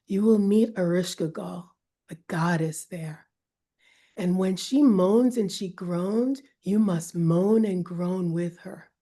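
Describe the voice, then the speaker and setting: A woman reading a wise elderly god giving orders; slow, warm, measured. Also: mid-range voice. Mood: instructive. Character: wise old grandfather god, loving, commanding.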